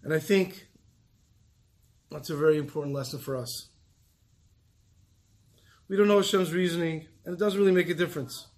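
Guy preaching a sermon, tells the story real earnest, slows way down on the heavy parts, voice a bit on the high side. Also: a little mellow.

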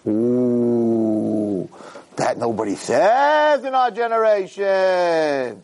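A man teaching a Torah lesson in an animated way, acting out quotes and repeating words for emphasis. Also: medium pitch, takes it slowly. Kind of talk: Torah lecture.

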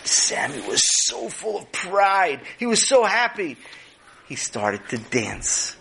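A man narrating a children's story in an animated way, acting out the characters. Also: high voice, takes it slowly, creaky, a little hiss or hum. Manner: animated, with voices.

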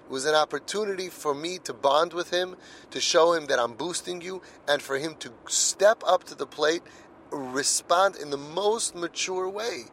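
A man's voice: fairly high pitch, normal speed, fairly bright tone, slight background noise, poor audio. A middle-aged man speaking earnestly about parenting, telling personal stories and repeating words when he presses a point. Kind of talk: heartfelt monologue.

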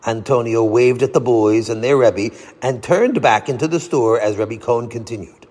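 A man narrates a children's story in an expressive read-aloud style. His medium-pitched voice is a little husky and moves animatedly. A long reverb hangs on the recording. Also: normal speed, hardly any pauses.

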